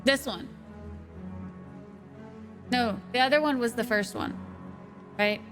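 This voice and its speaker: High-voiced playful woman streamer. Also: slow pace, a bit bright, faint music behind. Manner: playful, swears freely, laughs often. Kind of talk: live stream chat with viewers.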